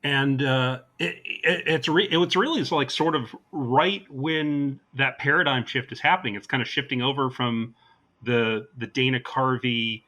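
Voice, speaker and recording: Male host, bright tense tone, mid pitch, easy encouraging questions. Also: moderate pace. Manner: encouraging, asks background questions. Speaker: podcast host. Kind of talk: casual interview chat.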